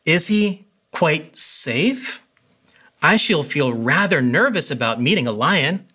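A man's voice: on the high side, lively intonation, slow pace, pushed and bright, slightly rough, exaggerated voice. A man voicing a timid, curious young girl in a storybook reading, speaking hesitantly. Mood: nervous.

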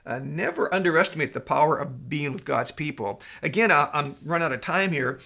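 A man preaching a sermon as pastor, telling stories in an animated, conversational way. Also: on the high side, brisk, gravelly.

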